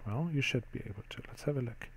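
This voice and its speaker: A middle-aged man teaching French grammar in a steady, explanatory way, pausing often with ums. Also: mid-range voice, gravelly, slight background noise. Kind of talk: classroom-style grammar lesson.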